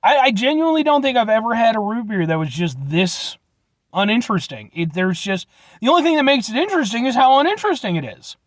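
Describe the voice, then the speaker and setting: A young Illinois vlogger reviews root beer in a loose, rambling monologue, restarting hesitantly and cursing bluntly and casually. He talks fast and expressively, his pitch rising and falling within sentences. The recording is close and dry, with no room sound.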